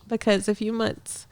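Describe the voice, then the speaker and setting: A young adult woman sharing a heartfelt faith testimony as a guest in a conversation, earnest, with soft laughs and restarts. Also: medium pitch, no room sound. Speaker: podcast guest, ministry director.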